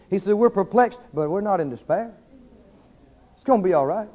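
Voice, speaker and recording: A man preaching a sermon, swinging between shouted declarations and quiet asides. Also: high-pitched, animated, fast. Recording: dull lo-fi sermon recording.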